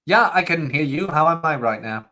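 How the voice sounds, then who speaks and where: A man's voice: a little high, lively intonation, a little fast, bright, forceful tone. A man co-hosting a live video-call show, telling his own story in an easygoing way. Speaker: co-host and audiobook narrator. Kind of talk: casual live-stream chat.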